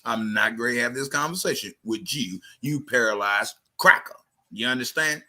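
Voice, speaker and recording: A man hosting a heated call-in live stream. His voice is very bright and cutting, and he argues with callers in a profane, repetitive way. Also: medium pitch, normal speed. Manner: confrontational, profane, repeats phrases.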